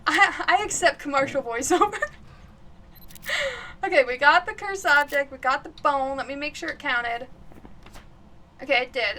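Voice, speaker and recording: A woman streamer chatting through a horror game live, jumpy and giggly, yelling out to the ghost now and then. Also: sits high, slight background noise. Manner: chatty, jumpy, laughs often, calls out loudly to the ghost.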